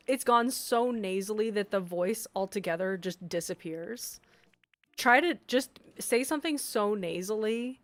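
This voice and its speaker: Slow-talking woman streamer chatting with chat. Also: mid-range voice. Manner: chatty, laughs often, reads chat aloud. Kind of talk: casual live-stream chat while designing. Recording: faint background music.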